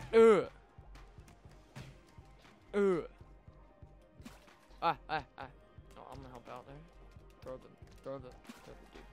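A young man giving casual, excitable commentary while playing a video game. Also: mid-range voice. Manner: excitable, yelps and shouts at sudden moments. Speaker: gaming video host.

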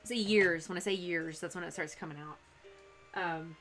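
This cosplay streamer, a young Texan woman with a faint accent, sews as she chats casually on a live stream, rambling, laughing and stopping mid-sentence. She speaks at a normal speed in a fairly low, fairly even voice, with music playing underneath.

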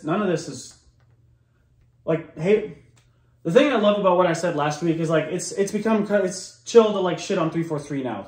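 A man's voice: on the high side, a little mellow, reverberant. A man doing heated reaction commentary, swearing a lot and stumbling over fillers and restarts. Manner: profane, heated, lots of likes and restarts.

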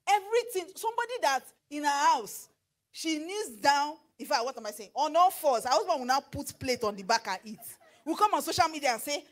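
A middle-aged Nigerian woman preaching on marriage, animated and slipping into pidgin with acted asides. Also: sits high, a little fast. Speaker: pastor and marriage counselor. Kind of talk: sermon.

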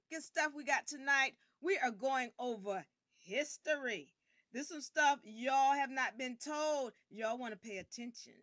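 A woman hosting an online game show livestream. She talks emphatically and sometimes bursts out loudly. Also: high voice, dry recording, muffled recording. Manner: animated and emphatic, bursts into loud outbursts. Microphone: camera rig.

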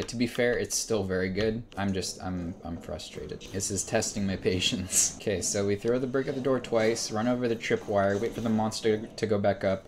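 A man's voice: lowish voice, a little hiss or hum. Exasperated young man streaming a game. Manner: exasperated, shouts and laughs in bursts. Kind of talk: frustrated gameplay commentary.

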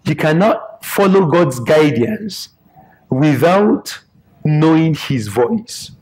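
A man's voice: fairly high pitch, expressive, slow pace, darkish tone, rough recording. A man preaching a sermon in short, emphatic, repeated phrases.

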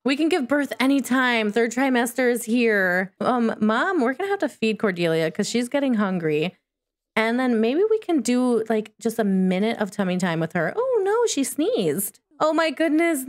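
Chatty woman narrating a life sim game. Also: on the high side. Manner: chatty, exclaims often. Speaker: gaming channel host. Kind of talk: gameplay commentary.

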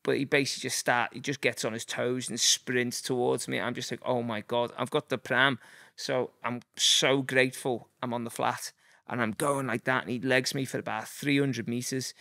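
A forty-something guest from Liverpool speaks in a Scouse accent with a gravelly, sharp, mid-range voice, keeping a level tone at a moderate pace. His casual storytelling rambles, full of fillers and impersonated voices, captured in a dry, clean studio recording.

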